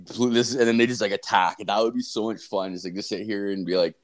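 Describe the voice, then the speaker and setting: Casting: young guy, low-pitched, profane podcast storyteller who laughs a lot. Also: fairly even intonation, fast. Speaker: podcast co-host. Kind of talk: casual podcast chat.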